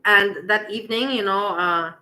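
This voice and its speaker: A woman casually telling a personal story to her viewers, animated and laughing as she acts out the dialogue. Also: mid-range voice, moderate pace, poor audio.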